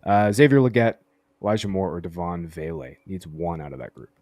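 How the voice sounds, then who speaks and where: A man's voice: deep voice, fairly quick, darkish tone, dry recording. A man hosting a casual sports podcast, reading out listener questions and answering them playfully. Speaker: podcast host. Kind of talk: casual live Q&A chat.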